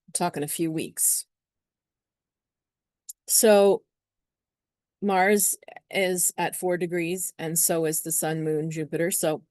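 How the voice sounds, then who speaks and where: A woman astrologer talks casually to camera about astrology, chatty and meandering, now and then slipping into little acted-out scenes. Her low voice is a little mellow, recorded dry with studio quality.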